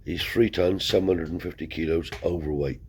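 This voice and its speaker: A man's voice: sits low, fairly even intonation, brisk, darkish tone, husky. A man telling a rambling story in broad colloquial speech, swearing freely as he goes. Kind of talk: casual spoken anecdote.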